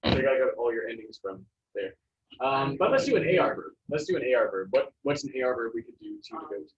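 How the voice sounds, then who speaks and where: A man teaching a Spanish class, relaxed and jokey, with many fillers. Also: medium pitch, fast, a little hiss or hum. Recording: roomy, distant, muffled classroom sound.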